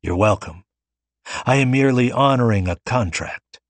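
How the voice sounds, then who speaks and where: A man voicing a formal, measured male hitman in an audiobook reading. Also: mid-range voice, animated, no echo, pitched above the performer's own voice, natural voice. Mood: calm. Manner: measured, businesslike. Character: cool, formal male hitman of few words.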